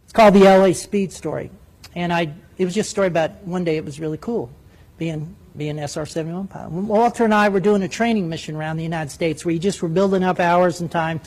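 A middle-aged man, a retired military pilot, telling a story with lively, acted-out radio voices. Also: high voice, fast talker, low-quality recording. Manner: animated storyteller who acts out radio voices. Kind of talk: storytelling speech.

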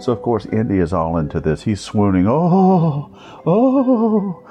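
A middle-aged man telling a personal story, animated and amused, acting out the voices of the people in it. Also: low voice, a little fast, dull audio, faint music behind.

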